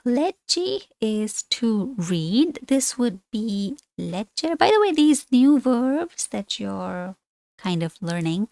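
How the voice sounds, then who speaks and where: A woman's voice: on the high side, a little mellow, dry recording. A woman teaching an online language lesson, explaining things on screen in a chatty, rambling way with frequent asides and self-corrections.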